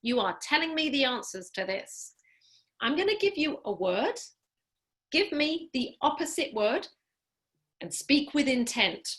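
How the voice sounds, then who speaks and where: A woman speech therapist coaching a group through voice drills over a video call. Her voice is bright and forceful and sits a little high. She speaks clearly and deliberately, upbeat and encouraging as she guides everyone along. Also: sing-song. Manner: clear, deliberate, instructive delivery. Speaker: speech-language pathologist. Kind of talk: online class leading voice exercises. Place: home, during a live online program.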